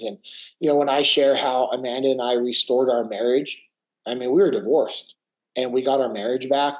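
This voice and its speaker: A middle-aged man, a podcast guest, talks in a casual, animated storytelling way with a mid-range voice. He drops "bro" and "man" into nearly every sentence. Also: mid-range voice, low-quality recording. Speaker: podcast guest, former Navy SEAL. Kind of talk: casual interview chat.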